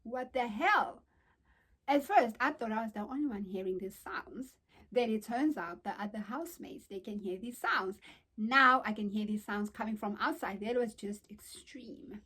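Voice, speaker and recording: A young South African woman tells a story to her viewers in a casual vlog. She talks in an animated, exclamatory way, at a middling pitch for a woman. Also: normal speed, slightly rough. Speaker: vlogger.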